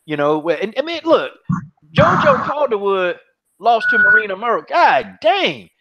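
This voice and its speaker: Over very noisy, dull lo-fi podcast audio, a man hosts a heated MMA chat at normal speed. His high voice is very animated, and he swears freely, repeats himself, and takes a mocking tone.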